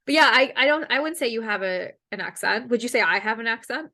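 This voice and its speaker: A woman's voice: on the high side, animated, fast talker, pushed and bright. A young woman from Canada hosting a podcast interview, chatty and casual, swearing freely and laughing often. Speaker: podcast host.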